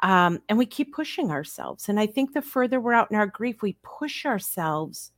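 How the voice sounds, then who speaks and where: A woman co-hosting a podcast in casual chat, speaking calmly and reassuringly. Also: mid-range voice, moderate pace, dry recording, clean studio sound. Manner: calm and reassuring.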